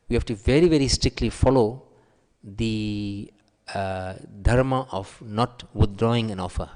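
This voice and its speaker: A man giving a sermon, telling stories and acting out the quoted voices with a raised pitch. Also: darkish tone. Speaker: preacher. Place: temple hall. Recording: long hall reverb.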